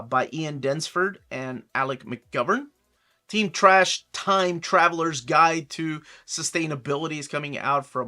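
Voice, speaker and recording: A comic book collector host in his forties, an American with a slightly high, pushed, bright voice, casually runs through upcoming comic releases. He adds chatty asides and corrects himself along the way.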